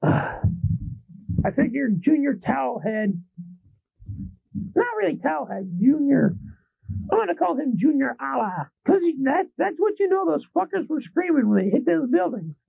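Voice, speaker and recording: Texan male public access host, crude rambling talker, high gravelly voice, tinny dry audio. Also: big pitch swings, a little slow, long pauses, no room sound. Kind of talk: crude rambling talk show rant.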